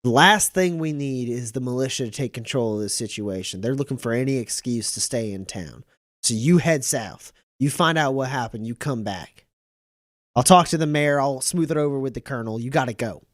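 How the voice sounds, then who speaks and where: A man's voice: medium pitch, animated, brisk, no room sound, studio quality, close to an everyday voice. A man playing a blunt, commanding small-town sheriff in a tabletop game, giving clipped orders.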